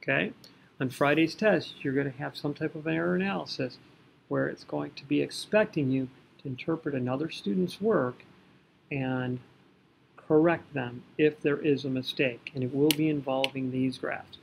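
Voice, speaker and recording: Guy with a gravelly voice walking through math problems out loud, bit of noise behind. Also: on the high side, normal speed. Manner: talks through working step by step, self-correcting. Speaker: math teacher. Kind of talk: recorded screen lesson.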